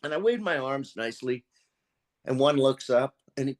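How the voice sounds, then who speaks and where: An older male voice actor spins a casual story with plenty of profanity. He talks animatedly at a middle pitch and slips into the voices of the people he describes. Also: moderate pace. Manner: profane, animated, acts out quotes. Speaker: guest, voice actor.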